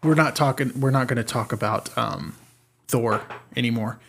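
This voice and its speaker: A man's voice: medium pitch, moderate pace, vocal fry, husky. A man co-hosting a podcast in casual chat, rambling and repeating his words as he goes. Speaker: podcast co-host.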